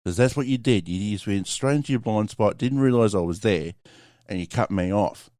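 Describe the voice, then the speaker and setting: A man's voice: fairly low pitch, moderate pace, a little mellow, no room sound, clean studio sound. An Australian man hosting a podcast, telling a story in a casual, sweary way and laughing along. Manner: swears often, laughs through his story. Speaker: podcast host.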